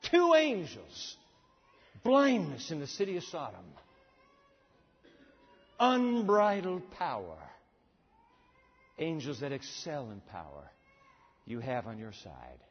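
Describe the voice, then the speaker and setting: A male pastor preaching a sermon. His delivery swings dramatically between booming and hushed, and he asks the congregation rhetorical questions. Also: big pitch swings, moderate pace, breathy edge. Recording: long hall reverb, dull sound.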